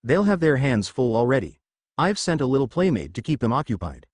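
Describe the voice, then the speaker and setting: A towering, ruthless titan general whose voice booms with authority, as a male narrator puts him on. The delivery swoops with lively pitch, and the sound is dry with no echo. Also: a little fast, slightly rough. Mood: commanding. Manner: booming, commanding.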